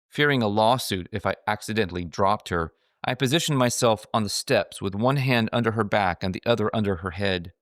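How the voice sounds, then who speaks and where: A man's voice: fairly low pitch, expressive, normal speed, no room sound, studio quality. A middle-aged man narrating his own memoir in a wry, self-mocking storytelling manner.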